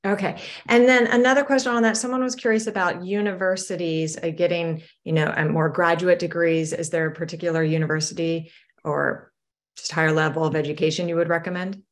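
A woman's voice: fairly low pitch, fairly even intonation, a little fast. A woman hosting a webinar and reading out audience questions, friendly and sometimes hesitant. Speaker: webinar host and moderator.

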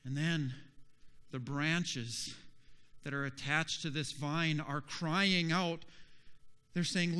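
A male pastor preaching a sermon, telling a story slowly and dramatically with emotional swells. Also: a little high, steady tone, bright, forceful tone, clear, resonant tone.

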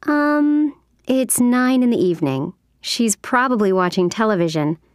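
A woman speaking clearly in a scripted everyday dialogue for an English course. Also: a little high, animated, measured pace, dry recording, studio quality.

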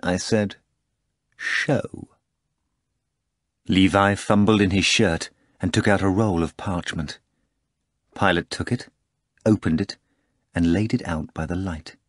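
A man narrates an audiobook from a script, telling the story in a measured, even manner. His voice sits low, and the recording is dry with clean studio sound.

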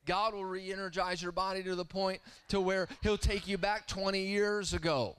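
A man in his thirties preaching a humorous, animated sermon that swings between loud and soft. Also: high voice, normal speed, few pauses, smooth. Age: 30s.

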